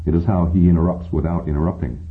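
A man's voice: deep voice, steady tone, fast talker. A man narrating a first-person audiobook in a wry, conversational way. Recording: tinny phone-like sound.

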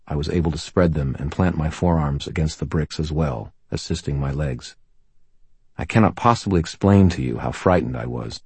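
Super deep husky guy narrating a story, dry wry delivery, dead dry sound. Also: a little mellow, no echo. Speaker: audiobook narrator. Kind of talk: scripted first-person narration.

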